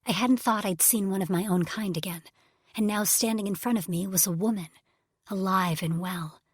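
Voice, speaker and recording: Female audiobook narrator, husky and breathy, emotional first-person reading. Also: medium pitch, normal speed, dry recording. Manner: emotional first-person storytelling, drops to whispers. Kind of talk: scripted narration.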